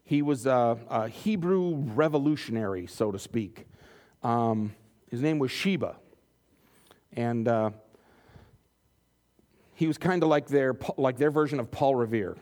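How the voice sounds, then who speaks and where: A man's voice: medium pitch, unhurried, pauses often, a little mellow. A man preaching a sermon, reading scripture and acting out the quotes with joking asides. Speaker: pastor.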